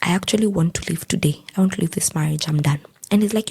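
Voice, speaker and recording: Husky, low Kenyan woman telling her story. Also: fast talker, mellow. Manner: recounts events by acting out quoted dialogue. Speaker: podcast guest. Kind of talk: personal storytelling in a podcast.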